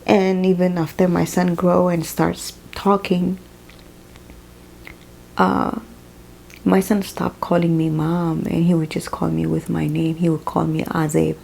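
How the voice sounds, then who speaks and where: Tearful woman with a gravelly low voice. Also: little pitch movement, a little mellow, poor audio. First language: not English. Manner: emotional, tearful, halting, with sighs. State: crying at times. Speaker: vlogger. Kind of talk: personal chat vlog.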